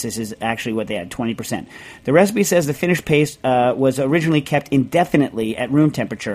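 A man's voice: medium pitch, a little mellow. A man hosting a casual food radio show, rambling with many restarts and reading listener letters aloud. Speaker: podcast host.

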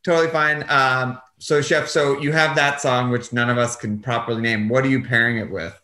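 Bright-voiced male host in an echoey room. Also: medium pitch, fairly even intonation, moderate pace. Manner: chatty, asks questions. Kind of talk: casual interview hosting. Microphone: video call. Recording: roomy echo.

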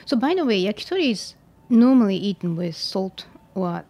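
Gravelly-voiced woman podcast host. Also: mid-range voice, big pitch swings, moderate pace, mellow. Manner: chatty, adds her own notes, light laughs. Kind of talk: casual interview chat.

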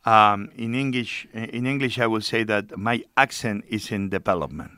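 A man's voice: on the low side, moderate pace, pushed and bright, clean tone, no echo. A man with a thick Spanish accent, Spanish his first language, chatting as an interview guest, laughing often and repeating words as he searches for them. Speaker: chef guest. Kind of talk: casual interview chat.

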